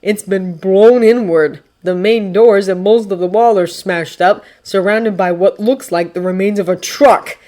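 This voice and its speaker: A woman narrating fiction as an audiobook, expressive and voicing characters. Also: medium pitch, a little slow, hardly any pauses. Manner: expressive, acting out voices. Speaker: fanfiction reader.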